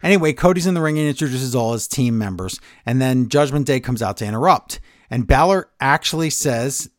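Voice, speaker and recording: A man co-hosting a wrestling podcast, recapping shows in a sarcastic, animated way and acting out what the wrestlers said. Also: mid-range voice, moderate pace, dry recording, studio quality. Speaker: podcast co-host. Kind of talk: casual wrestling recap chat.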